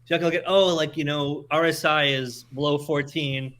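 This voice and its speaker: Speaking at a normal speed in a fairly high voice, a man from Montreal tells stories during a relaxed podcast chat. His delivery is animated, packed with restarts and repeated words.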